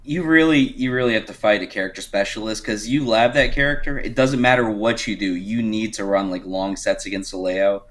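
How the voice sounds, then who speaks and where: A man giving color commentary on a fighting game match, relaxed and rambling, with many fillers. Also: on the low side, brisk, hardly any pauses. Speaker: esports co-commentator.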